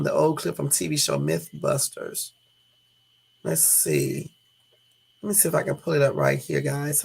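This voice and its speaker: A woman vlogger talking casually to her viewers, rambling with frequent exclamations and asides, sometimes slowly reading news text aloud. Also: low voice, vocal fry, husky.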